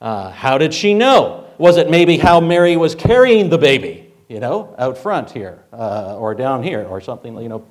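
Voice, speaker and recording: A man's voice: medium pitch, sing-song, normal speed, hardly any pauses. A male preacher giving a sermon in a conversational way, asking rhetorical questions with frequent filler words.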